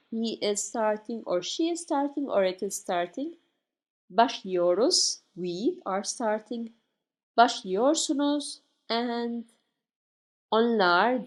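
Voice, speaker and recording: A woman teaching Turkish grammar from slides, saying each example word slowly and carefully. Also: fairly high pitch. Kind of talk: slide-based grammar lesson.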